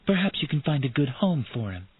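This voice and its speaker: A cool, disdainful young woman, as a male reader puts her on, lifted well above his own voice into a thin, husky tone. The sound is dry and tinny, like a phone line. She is polite on the surface, with a hard edge underneath. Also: medium pitch, sing-song, fairly quick, voice pushed up. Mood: cold. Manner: sugary then icy, hard.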